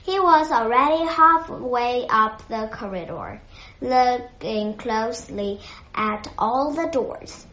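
A woman reading a children's novel aloud in a gentle, measured storytelling manner. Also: a little high, expressive. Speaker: narrator. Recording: echoey muffled lo-fi recording.

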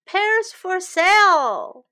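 A woman voicing a selfish, greedy man who shouts harshly, in a storybook reading for English learners. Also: high voice, big pitch swings, slow, exaggerated voice. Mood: curt.

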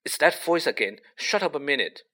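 A man's voice: fairly high pitch, very animated, fairly quick, bright, forceful tone, voice pushed up, exaggerated voice. A man voicing an anxious young schoolboy who speaks urgently and clipped.

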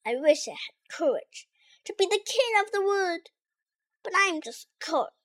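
A woman's voice: very high voice, very animated, measured pace, pitched above the performer's own voice, heavily acted. A woman voicing a timid male lion in a storybook who speaks in a fearful, stammering way.

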